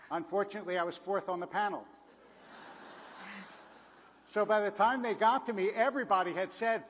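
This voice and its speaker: A man's voice: high-pitched, normal speed, a bit bright. A man from Philadelphia giving a storytelling speech to an audience, with quotes and humor. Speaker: panel speaker. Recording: hall reverb.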